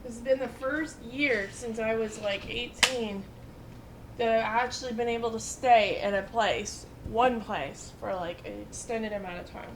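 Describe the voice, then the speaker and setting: A woman in her twenties chatting casually, telling lively stories full of fillers and quoted voices. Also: on the high side, a little slow, reverberant, background noise. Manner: animated storytelling with many fillers and quoted voices. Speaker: storyteller in casual chat. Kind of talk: casual chat.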